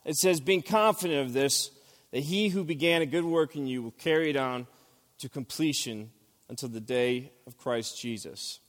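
A man's voice: mid-range voice, normal speed, big-room sound. A man preaching a sermon as pastor, earnest and rising for emphasis. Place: church sanctuary.

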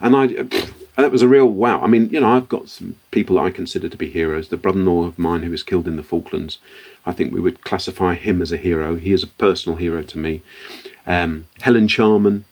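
Brief: middle-aged British man, low voice, reflective guest storyteller who restarts his sentences. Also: fairly quick, darkish tone. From Britain. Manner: reflective, frequent restarts and repeated words. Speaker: guest, company founder. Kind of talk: podcast interview storytelling.

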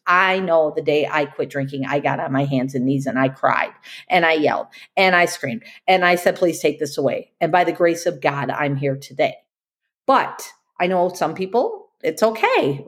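An earnest woman hosts a podcast in a motivational monologue. She leans on repetition and rhetorical questions to drive each point home, in a voice of ordinary middle pitch. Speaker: podcast host.

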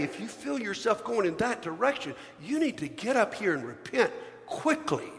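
A man preaching a sermon as pastor, pleading earnestly and swinging between hushed and loud passages. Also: sits high, big pitch swings, moderate pace. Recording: long hall reverb.

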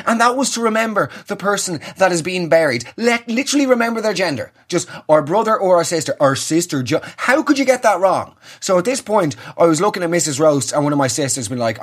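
Husky, animated Irish man telling a story. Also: sits high, fairly quick, few pauses. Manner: animated, sweary, exasperated ranting. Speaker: comedian. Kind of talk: comic storytelling.

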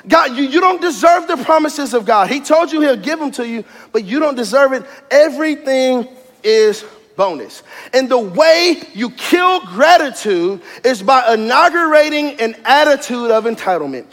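A pastor preaching in a strikingly high voice, loud and animated, mixing jokes with shouted emphasis. He drives points home through repetition and rising intensity. The sound carries the long, trailing reverb of a large church sanctuary. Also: normal speed. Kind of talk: sermon.

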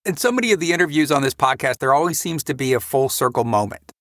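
A man hosting an interview podcast, recorded with a dry, close sound. He talks in measured, well-prepared recaps that lead into his questions. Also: mid-range voice, animated, a bit bright, no echo. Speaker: podcast host.

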